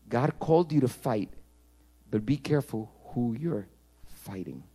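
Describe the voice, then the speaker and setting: A male pastor preaching a sermon, swinging between loud emphatic passages and hushed, intimate ones. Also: fairly low pitch.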